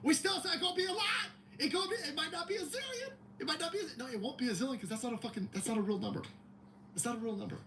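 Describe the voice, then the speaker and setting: Man doing a high, giddy, insistent crowd guy. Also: animated, rapid-fire.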